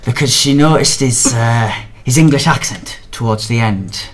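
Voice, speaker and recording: A man's voice: medium pitch, moderate pace. A man, a co-host telling a story in a rambling, hesitant, wry way. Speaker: co-host, journalist. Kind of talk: casual storytelling. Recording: noticeable background noise.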